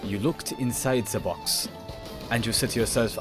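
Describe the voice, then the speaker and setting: A man's voice: medium pitch, normal speed. A man giving playful commentary over his video game play, rambling and jokingly dramatic. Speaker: gaming video creator. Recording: voice over loud game music.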